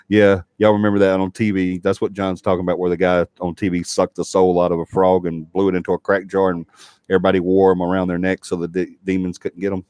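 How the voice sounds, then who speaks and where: Guy, real deep voice, folksy livestream chat reading comments, dry close mic. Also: a little mellow, clear, resonant tone, no room sound. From Alabama. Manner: chatty, folksy, laughs often. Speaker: paranormal livestream host.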